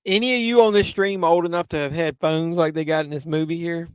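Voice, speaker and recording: Having had a few drinks, a man hosting a live movie watch-along rambles on, cursing offhandedly and replying to chat. He talks fairly quickly in a steady, slightly high voice that's smooth, resonant, and a bit dark. The sound is close-miked and dry, without echo.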